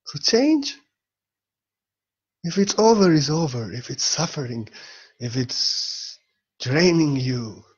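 A man's voice: medium pitch, expressive, unhurried, husky, lo-fi sound. A man giving an earnest spiritual talk in a vlog, repeating key phrases for emphasis. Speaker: spiritual teacher.

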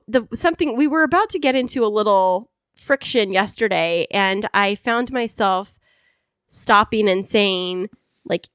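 A woman's voice: medium pitch, no room sound, clean studio sound. A young woman co-hosting a podcast, chatting casually and gushing with frequent giggles. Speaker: podcast co-host. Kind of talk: casual chat.

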